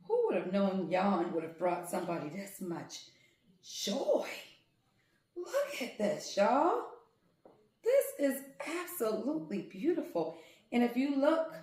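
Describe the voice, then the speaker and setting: In a very echoey room, a crafting vlogger with a mid-range, darkish voice unboxes yarn at home, gushing over every skein in her casual video.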